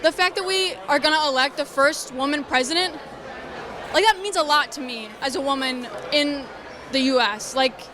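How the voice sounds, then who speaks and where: Young woman in her twenties, high voice, earnest interviewee outside with a loud crowd around her. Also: normal speed. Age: 20s. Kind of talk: street interview. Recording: street interview with a crowd behind.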